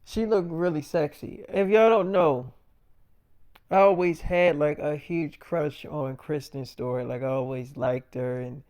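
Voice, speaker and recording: A man's voice: a little high, fairly even intonation, unhurried, darkish tone, clear, resonant tone. A man telling a rambling, profane story in a loose, casual monologue full of fillers, saying he feels lightheaded. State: feeling lightheaded.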